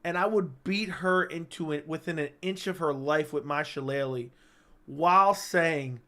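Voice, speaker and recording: A man's voice: a little high, measured pace, sharp tone. A young man hosting a live-stream chat, rambling and joking as he reads viewer comments aloud.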